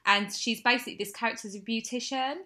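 A bright, clear-toned woman in her thirties chatting casually as a co-host. She talks in a wry, self-deprecating way, full of quick asides. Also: on the high side, steady tone. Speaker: podcast co-host. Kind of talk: casual chat.

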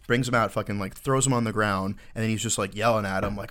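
A man's voice: on the low side, steady tone, fast talker, fairly bright tone. A man hosting a podcast, telling a story in a loose, rambling way, with heavy swearing and lots of fillers. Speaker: podcast host. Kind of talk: casual chat.

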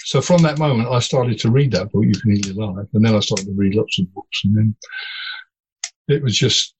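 A man, a podcast guest, telling personal stories in an animated, digressive way. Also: lowish voice, normal speed, a little hiss or hum, low-quality recording. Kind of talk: storytelling in casual conversation.

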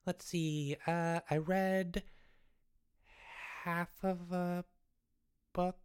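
A woman voicing Jeffrey, a scatterbrained, excitable young boy who rambles as a comedy podcast co-host. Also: on the low side, extremely slow, clean tone. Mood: rambling. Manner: scatterbrained, rambling, easily sidetracked.

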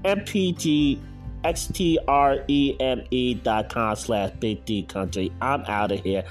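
A man's voice: mid-range voice, slow, soft background music. A man hosting his own show, reading out football scores and his picks in a frustrated, muttering way. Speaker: podcast host. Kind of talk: casual solo sports picks recap.

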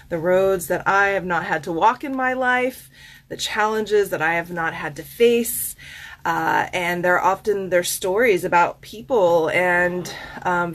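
Chatty Southern woman host. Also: medium pitch. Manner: chatty and expressive, many fillers and asides. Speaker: host and life coach. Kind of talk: casual podcast monologue with card reading.

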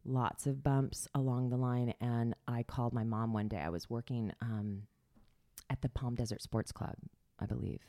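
Woman, very deep voice, dry close sound, candid storyteller, laughs a lot. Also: steady tone, moderate pace, dark tone, no room sound. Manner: candid, storytelling, laughs often, drops to near-whisper at times. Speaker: guest telling her life story. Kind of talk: casual podcast chat.

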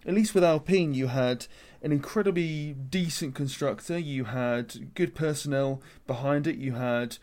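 A man's voice: mid-range voice, a little slow, few pauses, a little mellow. A man co-hosting a casual podcast, chatty and opinionated as he lays out the news. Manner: chatty, opinionated, presents the news then hands over. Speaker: podcast co-host. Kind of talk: casual motorsport discussion.

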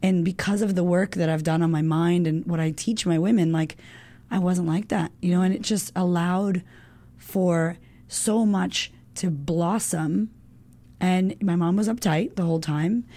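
A woman in her thirties, a women's coach, talking as a guest in an animated, emotional way, full of fillers and the odd swear word. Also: on the low side, measured pace. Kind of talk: casual chat.

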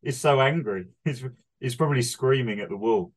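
A man's voice: mid-range voice, normal speed. A man co-hosting a comedy podcast, bantering dryly with plenty of swearing and laughs. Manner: dry, sweary, laughing often. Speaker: podcast co-host. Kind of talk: casual banter.

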